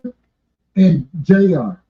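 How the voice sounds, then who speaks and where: A man's voice: high-pitched, animated, slow pace. A man on a talk show panel, arguing bluntly and profanely about marriage. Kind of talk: heated panel debate. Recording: echoey, dull lo-fi clip.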